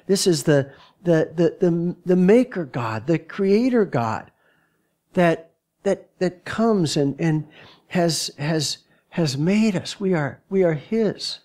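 Pastor guy preaching in church, slow and halting, keeps repeating words, kinda high voice. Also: expressive, a little mellow. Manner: halting, repeats words while searching for phrasing. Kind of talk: sermon. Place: church sanctuary.

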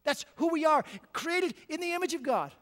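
A male pastor preaching a conversational sermon, repeating words and checking in with "right?", moving between quiet and loud emphatic passages. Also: very high-pitched, expressive, normal speed, big-room sound. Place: church sanctuary.

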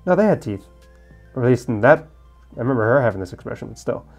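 A man's voice: mid-range voice, sing-song, fast talker, a little mellow, faint music behind. A man casually commenting on a game and reading its dialogue aloud, with joking asides. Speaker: let's-play gamer. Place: at home in Korea.

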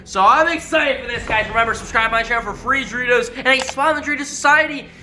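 A young man hosting a reaction video, excitable and exclaiming often, constantly addressing his viewers. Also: extremely high pitch, fast. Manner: excitable, exclaims often, keeps saying "guys". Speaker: reaction channel host. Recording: background music under voice.

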